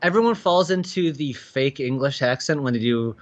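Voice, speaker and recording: A man with a Chicago accent, co-hosting a casual livestream, joking loudly and swearing freely. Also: mid-range voice, animated, moderate pace, dull audio. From Chicago area. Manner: loud, profane, jokey. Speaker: co-host.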